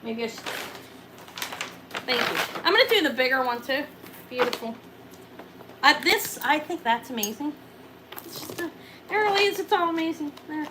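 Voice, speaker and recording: A middle-aged woman running a live jewelry auction, chatting excitably and counting down each sale. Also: high voice, moderate pace, pauses often, noisy background. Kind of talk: live-stream sales chat.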